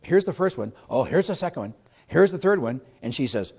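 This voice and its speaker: A man's voice: a little high, big pitch swings, fairly quick, creaky, a little mellow, slightly rough. Emphatic man teaching a sales seminar. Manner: emphatic, asks the audience questions, acts out client quotes. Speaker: real estate sales trainer. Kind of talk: seminar talk to a live audience.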